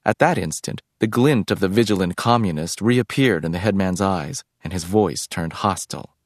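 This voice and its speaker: Audiobook: deep-voiced man narrating in a measured, reflective way, dry close sound. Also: dry recording.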